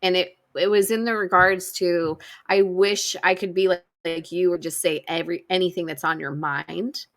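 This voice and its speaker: A woman co-hosting a casual podcast chat, who laughs often in quick, high giggles. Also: fairly even intonation. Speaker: podcast co-host.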